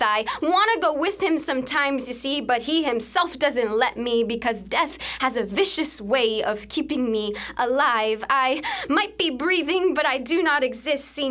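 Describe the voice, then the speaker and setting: A young woman performing a spoken word poem with an intense, dramatic delivery that swings between hushed passages and urgent outbursts. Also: high voice.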